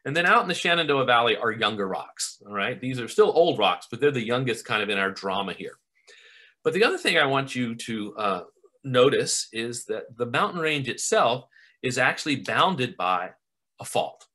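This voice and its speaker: A man's voice: mid-range voice, very animated, moderate pace, bright, forceful tone. A middle-aged man, a geology professor, giving an enthusiastic, conversational lecture with slides over a video call and posing rhetorical questions. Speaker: geology professor, webinar presenter.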